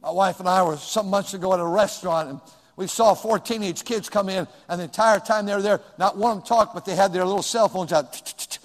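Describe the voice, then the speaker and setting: An older man preaching a sermon as pastor, swinging from hushed asides to sudden shouts. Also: high voice, brisk, in a large hall.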